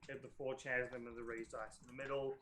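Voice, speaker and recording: A man narrates a tabletop game as its game master, his voice bright and forward. He talks in fits and starts, filling gaps with ums and correcting himself as he goes. A faint hiss sits under the recording. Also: mid-range voice, little pitch movement, quick pace, low-quality recording. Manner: hesitant, full of ums and self-corrections.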